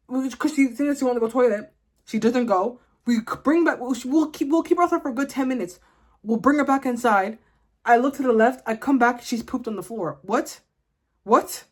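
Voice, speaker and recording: Exasperated woman ranting. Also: a little high. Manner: exasperated, blunt, comic ranting. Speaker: vlogger. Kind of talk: casual rant to camera.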